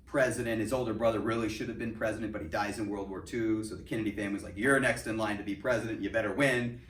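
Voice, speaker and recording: A male history teacher giving a casual, joking lecture full of fillers. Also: medium pitch. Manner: chatty, joking, filler-heavy delivery. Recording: echoey room, distant mic, faint hiss.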